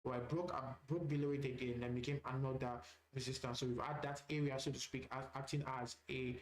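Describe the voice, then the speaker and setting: A man's voice: mid-range voice, steady tone, brisk, echoey room, poor audio. A man teaching a live trading session, talking through charts casually and often repeating phrases with "all right" fillers. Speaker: trading instructor.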